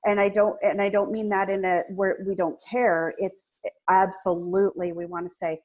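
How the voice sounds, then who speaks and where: A woman speaking as a guest on a video-call webinar, earnestly coaching listeners and acting out soft, empathetic phrases. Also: medium pitch, level tone, moderate pace, lo-fi sound. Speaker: guest speaker, agency co-founder. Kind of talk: webinar talk on client communication.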